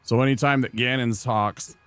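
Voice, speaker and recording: A man's voice: medium pitch, fairly even intonation, moderate pace, fairly bright tone, smooth, no echo. A young man playing a video game and chatting casually, joking and rambling with restarts. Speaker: gaming streamer. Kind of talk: casual let's-play chat.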